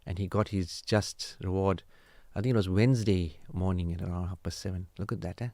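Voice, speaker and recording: A man hosting a radio marriage counselling talk, animated and preachy, acting out quoted family dialogue. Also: sits low, fairly quick, dry recording. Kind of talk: casual radio advice talk.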